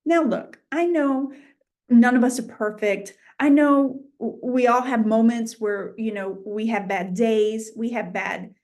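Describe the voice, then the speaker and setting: Her voice sits a little high and her pace is measured. She's a middle-aged woman with a New England accent, leading a lively, informal Bible lesson and voicing imagined characters.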